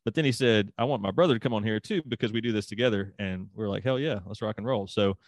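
A man from Mississippi hosts a podcast in a relaxed, chatty way, with plenty of fillers. His voice sits on the low side and is recorded dry and close. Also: quick pace, no echo. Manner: laid-back, laughs often, many fillers. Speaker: podcast host. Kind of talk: casual podcast chat.

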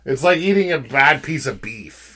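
A man's voice: medium pitch, lively intonation, moderate pace, bright, forceful tone. A man co-hosting a podcast, joking crudely and talking over the others while a bit tipsy from drinking. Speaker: podcast co-host. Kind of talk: casual chat.

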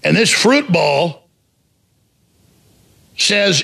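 A fiery male talk show host in a heated, mocking rant, often bursting into shouts. His voice is raspy and gravelly, with a bright, sharp edge. His pitch sits high and swoops widely as he talks. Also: big pitch swings, normal speed, long pauses. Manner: combative, mocking, shouts for emphasis.

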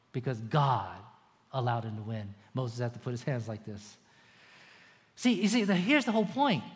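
Preacher with a bright, ringing voice. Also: male voice, fairly high pitch, in a large hall. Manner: animated storytelling, rhetorical questions. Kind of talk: sermon.

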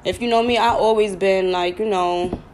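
A woman's voice: mid-range voice, fairly even intonation, normal speed, darkish tone, slight background noise. Blunt, chatty woman podcast host. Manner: blunt, profane, chatty, with sudden laughing outbursts. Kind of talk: casual live talk to listeners.

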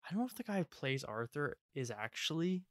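A man's voice: fairly high pitch, sing-song, a little fast, dry recording, clean studio sound. A man co-hosting a podcast, rambling easily in casual chat with lots of fillers. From England. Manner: easygoing, rambling with many fillers. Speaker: podcast co-host.

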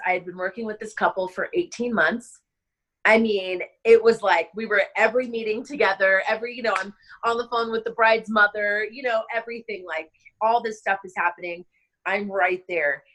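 A woman wedding planner, middle-aged, telling a personal story in a casual interview, emotional and halting, with many restarts and fillers. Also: medium pitch, fairly even intonation, a bit bright, rough recording.

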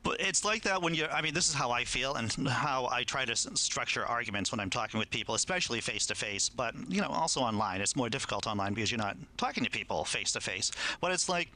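A man's voice: medium pitch, lively intonation, fast talker, few pauses, sharp tone, a little hiss or hum, rough recording. A man, a comedian, talking in casual podcast chat, explaining his point step by step in an earnest way with some swearing.

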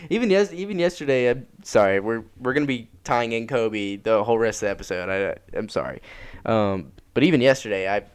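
A man's voice: medium pitch, animated, smooth. A young man from North Carolina with a light North Carolina accent, co-hosting a casual podcast, often repeating himself as he talks. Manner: halting, repeats his words. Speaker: podcast co-host. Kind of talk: casual chat.

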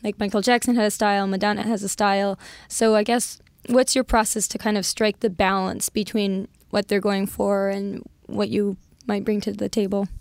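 A woman's voice: mid-range voice, flat delivery, normal speed, clear, resonant tone, no echo. A woman host asking curious, friendly interview questions. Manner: curious, friendly, laughs often.

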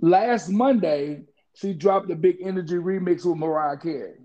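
A man with a raspy, hoarse voice co-hosting a casual music podcast, laid-back. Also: sits high, normal speed, dull audio, a crowd in the background. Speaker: podcast co-host.

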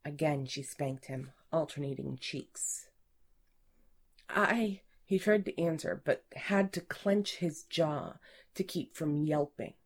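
A woman narrating an erotic audiobook in a slow, breathy, intimate way that often falls to a whisper. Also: low voice, a little mellow.

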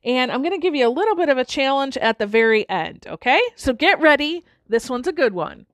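A woman's voice: high voice, very animated, fairly quick, no room sound, clean studio sound. Woman giving a conversational motivational talk. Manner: conversational, checks in with listeners with "okay?" and "right?". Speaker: podcast host.

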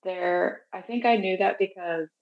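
A woman's voice: medium pitch, unhurried, lo-fi sound. A woman co-hosting a podcast in casual chat, rambling with fillers as she shares news. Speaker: podcast co-host.

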